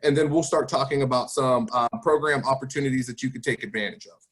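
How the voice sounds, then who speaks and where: A man's voice: mid-range voice, quick pace, fairly bright tone. A man speaking as a college guest to students over a video call, encouraging them and asking rhetorical questions. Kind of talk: online presentation to students.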